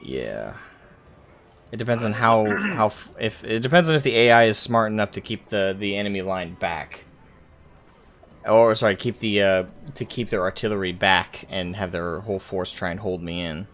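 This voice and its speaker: A man's voice: lowish voice, animated, normal speed, vocal fry, pauses often, fairly bright tone. A man hosting a casual gaming stream, chatting and muttering while he plays. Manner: laid-back, chatty, mutters while playing.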